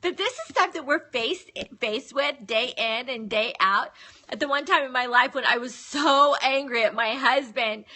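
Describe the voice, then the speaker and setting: A woman's voice: high-pitched, moderate pace. A middle-aged woman, talking earnestly about faith to viewers on a phone live stream. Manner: earnest, animated, addresses viewers by name. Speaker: Christian live-stream speaker. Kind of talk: casual faith talk to viewers.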